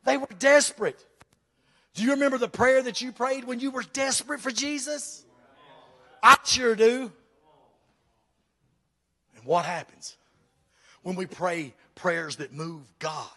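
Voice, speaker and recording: A man's voice: sits high, takes it slowly, long pauses, sharp tone. A pastor preaching a fervent sermon to his church, firing questions at the congregation.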